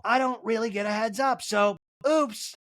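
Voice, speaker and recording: A woman's voice: fairly high pitch, moderate pace, a bit bright, no echo, clean studio sound, pitched above the performer's own voice, close to an everyday voice. A woman doing a light impression of an earnest reality-show star, chirpy and a touch defensive.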